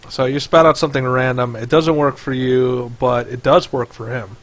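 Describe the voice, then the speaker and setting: A man's voice: medium pitch, fairly even intonation, normal speed. A man narrating as game master over voice chat in a loose, filler-heavy way. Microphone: headset or desk mic on voice chat.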